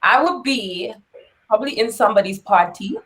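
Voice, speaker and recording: A woman from the United Kingdom, a guest in a casual interview, giving brief, relaxed, joking answers. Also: mid-range voice, normal speed, rough recording.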